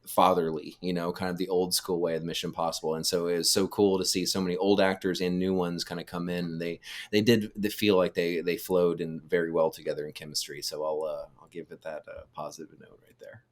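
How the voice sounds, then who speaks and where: Man, very deep voice, podcast co-host, relaxed casual chat, joking asides. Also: brisk. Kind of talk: casual film review chat.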